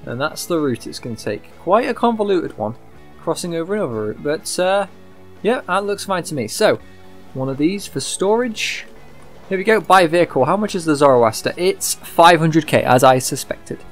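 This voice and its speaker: A man giving casual, chatty commentary while playing a game, thinking aloud with excitable outbursts. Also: fairly high pitch, moderate pace, soft background music. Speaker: gaming YouTuber. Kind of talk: casual let's-play commentary.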